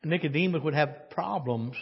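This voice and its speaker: A man with a high, husky voice preaches a teaching sermon. He puts questions to the congregation and answers them himself. The sound is dull and lo-fi. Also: moderate pace. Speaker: pastor.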